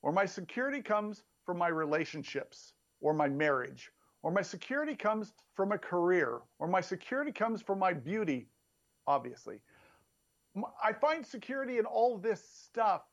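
Animated male preacher, lo-fi sound. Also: normal speed, gravelly. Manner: emphatic, animated preaching with sudden rises in pitch. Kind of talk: sermon.

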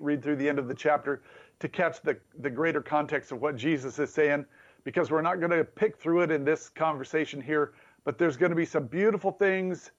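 A man preaching with a slightly higher voice, talking with his listeners rather than at them. He plays with repetition and a teasing tone. The sound is dull and a bit muffled. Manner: conversational, playful, builds through repeated phrases. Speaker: pastor. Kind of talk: sermon.

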